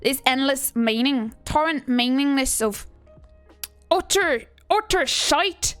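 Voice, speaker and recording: A woman putting on a quiet, sour Dubliner in Liverpool who grumbles with a sardonic Irish lilt. The voice sits fairly high and stretches its scornful words out slowly. A little music plays faintly behind. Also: expressive, dry recording, heavily acted. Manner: grumbling, sardonic, drawn-out emphasis. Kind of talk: acting monologue.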